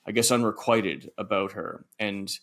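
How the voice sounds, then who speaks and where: A man's voice: fairly low pitch, moderate pace, gravelly, a bit bright. A man co-hosting a film podcast, speaking thoughtfully and reflectively in casual discussion. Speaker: podcast co-host.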